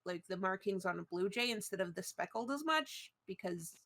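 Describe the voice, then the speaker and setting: A woman's voice: medium pitch, expressive, moderate pace, a bit bright. A woman playing a tabletop role-play game, chatty and rambling with frequent laughs.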